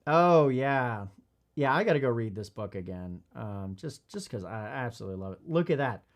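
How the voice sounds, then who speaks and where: A male podcast host reads from a parenting book at a moderate pace, commenting bluntly and casually and swearing now and then. He's animated and acts out kids in high voices. His pitch swings widely, climbing high when he gets worked up and sinking low when he speaks quietly.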